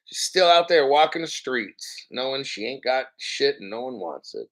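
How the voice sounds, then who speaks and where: A man's voice: mid-range voice, big pitch swings, moderate pace, vocal fry, fairly bright tone. Profane, ranting man in his fifties. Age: 50s. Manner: profane, mocking, rambling. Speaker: crypto channel host. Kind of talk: casual unscripted rant to viewers.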